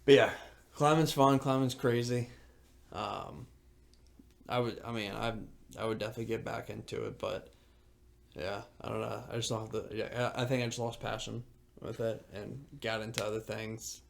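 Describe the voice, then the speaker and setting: A man in his twenties co-hosting a podcast, rambling excitably in casual chat full of filler words. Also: fairly low pitch, normal speed, gravelly. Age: 20s. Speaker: podcast co-host.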